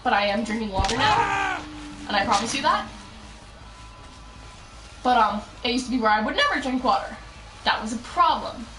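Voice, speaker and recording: A young woman chatting casually on a live gaming stream, telling a story and breaking into excited shouts at the game. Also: a little high, normal speed, long pauses. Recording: roomy echo, mic at a distance, loud background noise.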